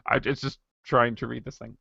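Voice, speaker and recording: A man's voice: medium pitch, expressive, moderate pace, gravelly, pushed and bright, slightly rough, no room sound, lo-fi sound. A man co-hosting a podcast in casual chat. He rambles and restarts his sentences often. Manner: rambling, full of fillers and restarts. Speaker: podcast co-host.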